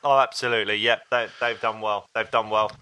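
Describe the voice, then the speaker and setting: Bright-voiced man chatting on a podcast. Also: lowish voice, fairly quick, clear, resonant tone, no echo. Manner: relaxed storyteller, acts out quotes. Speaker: podcast co-host. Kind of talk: casual chat.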